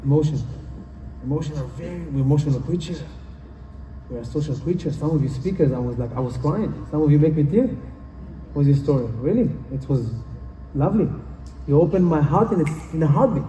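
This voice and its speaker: Speaking briskly in a warm, fairly high voice, a male conference speaker offers an earnest, repetitive motivational talk in non-native phrasing. The recording carries slight background noise and comes from far away in a spacious, echoey conference hall.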